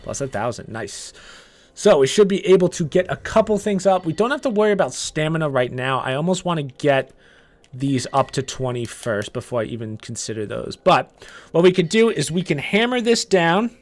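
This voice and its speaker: A young man giving casual gameplay walkthrough commentary, relaxed and chatty, with frequent "uh" and "um" as he explains each step. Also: a little high, normal speed. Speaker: gaming guide creator.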